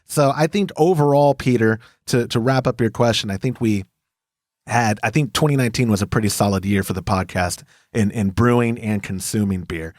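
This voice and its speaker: A man's voice: on the low side, moderate pace, no room sound, studio quality. A man from Texas with a Texan accent, hosting a casual homebrew podcast, joking and reading listener emails aloud. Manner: lively, jokey, reads listener emails aloud. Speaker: podcast host.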